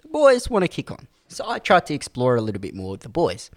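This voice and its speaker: A man's voice: mid-range voice, fast, no echo. Dry-voiced young man telling a story. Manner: animated storyteller, acts out quotes, laughs often. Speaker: podcast co-host. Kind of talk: casual storytelling chat.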